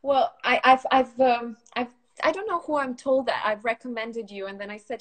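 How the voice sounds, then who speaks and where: A woman speaking English as a second language, her first being Serbian, chats as a parent over a live video call. Her voice sits somewhat high, and she tells stories animatedly, acting out her small child's lines. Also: normal speed, few pauses. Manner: animated storyteller, laughs, acts out her toddler. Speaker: guest, parent.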